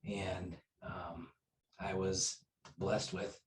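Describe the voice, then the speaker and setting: A martial arts instructor tells a personal story in a casual interview, rambling with fillers and restarts and acting out quoted dialogue louder and higher. He speaks extremely slowly with little pitch movement, and the poor audio carries a little hiss or hum.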